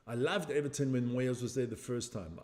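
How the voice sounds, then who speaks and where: A middle-aged man talks casually through a live stream, wandering from thought to thought as he reacts to the match. His voice sits in a middle pitch, and he chats back to viewers with self-mocking jokes about his age. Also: fairly quick, a little mellow. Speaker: watch-along stream host.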